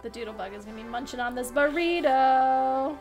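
A woman's voice: sits high, a little fast, faint music behind. A woman chatting with viewers on a crafting livestream, bubbly and giggly, often laughing as she talks. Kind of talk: casual crafting livestream chat.

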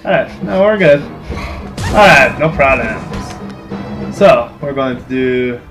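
A young man commenting on a video game he is playing, swearing and yelling at it in an irritable mood. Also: medium pitch, slow, music in the background. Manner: excitable, swearing, shouting at the game. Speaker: gaming channel host. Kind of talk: casual let's-play commentary.

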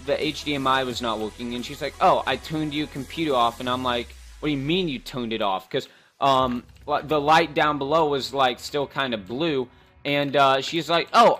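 A man's voice: on the high side, fairly bright tone. A teenage boy casually talking over his gameplay, rambling with lots of fillers and restarts. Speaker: gaming channel host. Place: bedroom at home.

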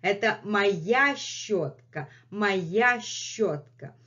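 A woman voicing a stubborn, possessive pet puma that answers slowly with high, teasing questions. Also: animated, fairly bright tone. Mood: coy teasing. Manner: slow drawn-out teasing replies with high squeaky questions. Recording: dull lo-fi sound.

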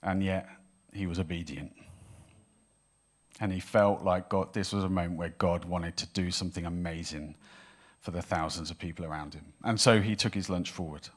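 A man preaching a sermon in church, telling a Bible story in an animated way and acting out the voices of the people in it. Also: sits low, moderate pace. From Wales. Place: church hall with congregation.

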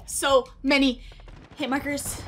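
A woman giving excitable, self-deprecating commentary over her own gameplay, laughing often. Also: high voice, takes it slowly. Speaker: gaming video creator.

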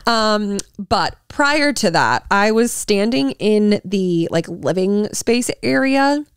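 A young woman tells a story on a podcast in a loose, chatty way, full of fillers and quick asides. Her voice sits at a middle pitch. The recording is dry and close to the mic. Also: clear, resonant tone, no echo. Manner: chatty, animated storytelling with many "like" fillers and laughs. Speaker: podcast co-host. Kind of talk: casual chat.

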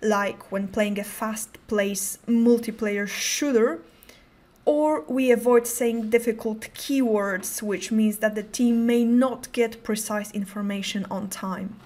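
A woman's voice: a little high, takes it slowly, darkish tone. A young adult woman giving a prepared conference talk, speaking in a careful, controlled way with occasional stutters on sounds.

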